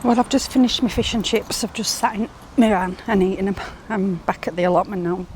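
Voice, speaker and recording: A woman's voice: mid-range voice, a little fast, a little mellow. A woman chatting casually to her phone camera as she goes about her allotment and home, talking fondly to her chickens and pets. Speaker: allotment vlogger. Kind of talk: casual vlog chat. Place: outdoors at an allotment and around home. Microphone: phone held in hand. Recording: noisy outdoor phone recording.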